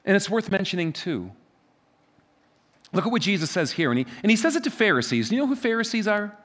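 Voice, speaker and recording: A man preaching a sermon from a church stage, emphatic and repetitive, swinging between loud stresses and quiet asides. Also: very animated, fairly quick. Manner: emphatic, repeats phrases, wide swings in pitch and loudness. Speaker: pastor.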